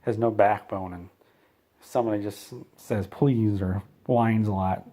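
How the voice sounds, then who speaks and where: A man with a fairly low voice tells a rambling comedic story. He drifts and interrupts himself, and his delivery stays dry and offhand. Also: fairly even intonation, unhurried, warm tone. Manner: meandering, self-interrupting, dry. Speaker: comedy channel host.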